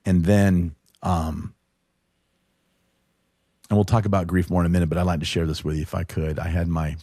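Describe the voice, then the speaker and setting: Middle-aged guy, really low voice, earnest and halting, keeps restarting, dry close mic. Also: little pitch movement, dark tone, no room sound. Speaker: podcast guest, show producer. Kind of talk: emotional personal storytelling in conversation.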